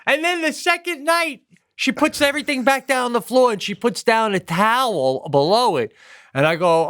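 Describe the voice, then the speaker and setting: A man co-hosting a comedy podcast, telling animated stories with frequent swearing while recovering from hip surgery. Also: very high voice, moderate pace, clean tone, dry recording, clean studio sound. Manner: animated storyteller, swearing, acting out voices. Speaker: podcast co-host. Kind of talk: casual comedic chat.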